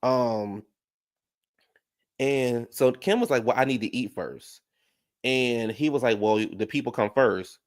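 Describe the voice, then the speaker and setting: Animated man recapping reality TV. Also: takes it slowly, pauses often. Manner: animated, jumps into high-pitched quoted voices; talks back to viewers in chat. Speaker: YouTube reaction show host. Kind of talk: casual recap commentary to live chat.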